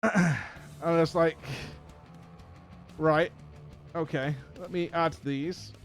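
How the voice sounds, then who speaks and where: A man with a high, bright-toned voice and an English accent tells a rambling story to his viewers. His delivery is exasperated and profane, and he acts out both sides of each conversation. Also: fairly even intonation, extremely slow, soft background music. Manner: exasperated, profane anecdote with acted-out dialogue. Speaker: streamer host. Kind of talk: casual storytelling.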